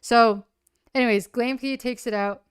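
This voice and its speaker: A woman's voice: a little high, steady tone, normal speed, smooth, no room sound, clean studio sound. A woman casually recapping her solo tabletop game on a livestream, rambling with lots of "like" fillers and gushing openly. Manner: rambling, heavy use of "like" fillers.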